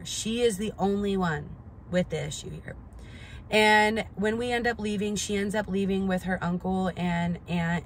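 A woman's voice: lowish voice, slight background noise. A young woman vlogger telling a storytime in casual, profane speech, full of "like". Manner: profane, animated, lots of "like".

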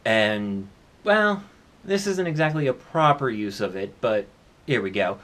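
A man's voice: medium pitch, expressive, a little slow, fairly bright tone. A man vlogging in a rambling, chatty way, holding the camera and talking into its built-in mic. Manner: rambling and chatty, with many "uh" and "I mean" asides. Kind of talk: casual solo vlog. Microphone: handheld camera's built-in mic.

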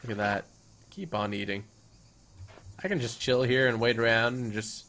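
A young man gives playful, hammy commentary over his game in an ordinary mid-pitched voice. He jokes with the creatures on screen in mock-grand lines. Now and then he breaks into loud excited shouts. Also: normal speed, long pauses. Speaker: gaming YouTuber. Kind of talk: let's-play commentary.

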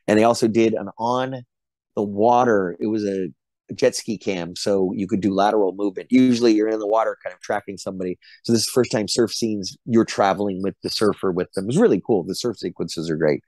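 A man's voice: lowish voice, fairly quick, a little mellow, dry recording. A middle-aged man, an actor being interviewed, telling casual anecdotes and acting out the quotes. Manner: chatty storyteller, acts out quotes. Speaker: actor guest.

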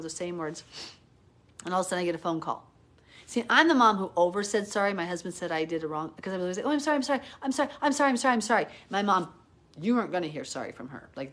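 A woman's voice: fairly low pitch, a bit bright. A middle-aged woman giving a live Bible teaching, talking in a hyper, chatty way full of "like" and turning earnest and emotional as she tells her story. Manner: earnest and emotional when retelling prayer.

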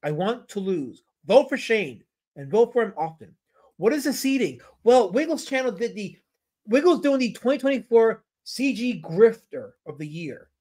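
A man's voice: sits high, expressive, moderate pace, darkish tone. A man hosting a casual livestream about comic artists, rambling, answering his chat and putting on playful mock outrage.

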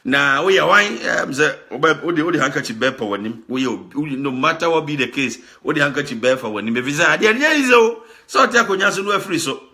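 A man's voice: on the high side, expressive, brisk, few pauses, sharp tone. A Ghanaian man hosting a talk show, commenting emphatically, often repeating words and laughing. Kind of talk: animated commentary mixing Twi and English.

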